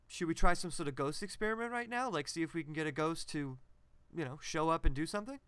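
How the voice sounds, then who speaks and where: A man's voice: a little high, expressive, fast, a bit bright, smooth, no echo. A man hosting an improvised comedy podcast bit, talking in a hesitant way and repeating his words. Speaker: podcast host.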